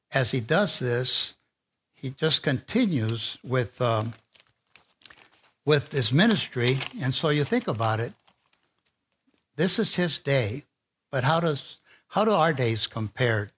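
A man delivering a sermon in a mid-range voice, neither high nor low. He talks informally rather than in a formal pulpit manner, pausing and restarting his thoughts as he goes. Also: lively intonation, fairly bright tone, husky. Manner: conversational, with fillers and restarts. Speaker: preacher.

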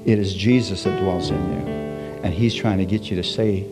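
A man's voice: sits low, moderate pace. A man preaching a sermon with energy, asking the congregation questions and repeating "Hallelujah" as he goes. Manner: animated preaching with call-and-response, repeated "Hallelujah". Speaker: pastor. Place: church service. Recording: faint music behind.

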